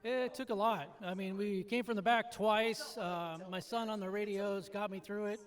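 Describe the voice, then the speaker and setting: A man's voice: sits high, steady tone, moderate pace. A man who just won a race, emotional, giving short answers and thanking people. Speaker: race winner.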